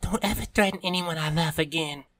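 A man's voice: on the high side, fairly quick, a bit bright, dry recording, pitched above the performer's own voice, natural voice. A man voicing a defiant teenage girl who speaks in a strained, growling voice. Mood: fierce.

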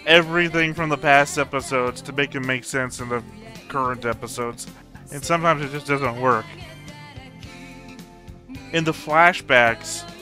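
A man's voice: mid-range voice, bright, forceful tone. A man hosting an anime reaction channel, thinking aloud as he puzzles over the plot in casual solo commentary.

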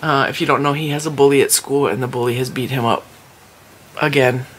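A woman's voice: rumbling low, fairly even intonation, fairly quick, slight background noise. A woman vlogger chatting casually to the camera at home, telling family stories with lots of laughter, tired and yawning. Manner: chatty storyteller, laughs often. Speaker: crochet vlogger.

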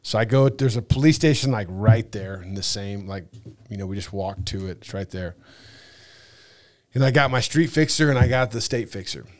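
A male podcast guest recounts a travel story in a casual conversation, his lowish voice moving at a moderate pace. Animated and full of swearing, he acts out the dialogue of people he encountered along the way.

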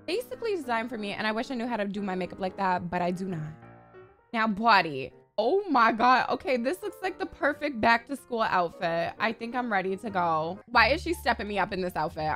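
A young woman giving sassy, profane, excitable gameplay commentary, gasping often as she plays. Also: a little high. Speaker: gaming YouTuber.

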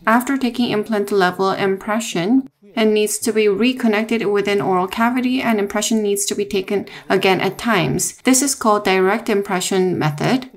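A woman narrating a technical dental lesson in a measured, explanatory way, with small restarts. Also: mid-range voice. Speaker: dental lecturer.

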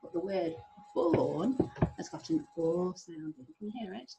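A middle-aged woman teaching a phonics lesson to young children, sounding out letters slowly with a sing-song, encouraging manner. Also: on the low side, lively intonation, gravelly, very noisy. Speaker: primary school teacher.

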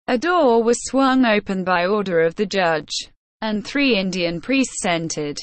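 A woman narrating a classic novel as an audiobook in a slow, measured reading. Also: mid-range voice, animated, no room sound. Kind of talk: scripted narration.

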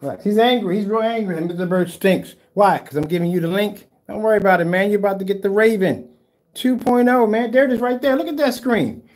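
A man's voice: high-pitched, fairly quick, darkish tone. A man hosting a casual livestream, brash and teasing, trash-talking his viewers and mock soothing them. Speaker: DIY projector screen paint video host. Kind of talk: casual livestream chat replying to viewer comments.

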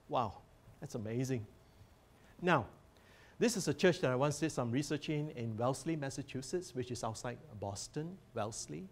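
A man's voice: mid-range voice, animated, normal speed. A man presenting a teaching workshop as a professor, earnest and emphatic as he guides listeners through slides.

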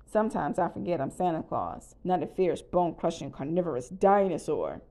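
A woman's voice: lowish voice, sing-song, normal speed, warm tone. A woman doing a sheepish toy dinosaur. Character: timid toy dinosaur, male, apologetic.

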